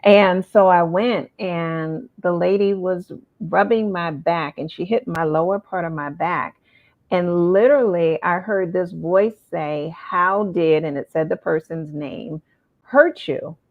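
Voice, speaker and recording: Animated woman host on a tinny line. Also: lowish voice, a little slow. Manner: animated, acts out quoted voices. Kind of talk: storytelling in a casual interview. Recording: phone-like narrow sound.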